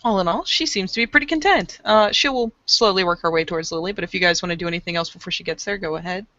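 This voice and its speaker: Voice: mid-range voice, fast talker, bright, forceful tone, dry recording, lo-fi sound. A game master narrating a tabletop role-play scene in a laid-back way, with fillers.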